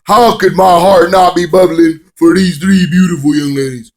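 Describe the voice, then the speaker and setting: A man doing an impression of a flamboyant, smooth-talking male wrestling commentator who drawls slowly and boasts. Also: sits high, fairly even intonation, darkish tone, pitched above the performer's own voice, lightly acted. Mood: boastful.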